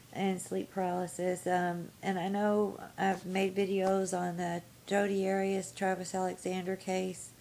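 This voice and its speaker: A woman's voice: lowish voice, creaky, a little mellow, a little hiss or hum, poor audio. A woman telling a story casually to camera, rambling with frequent ums and you-knows. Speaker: vlogger.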